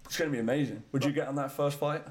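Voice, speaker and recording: A man's voice: mid-range voice, racing. A man co-hosting a soccer podcast, chatting and teasing his co-host in a foam-lined, soundproofed room. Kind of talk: casual chat.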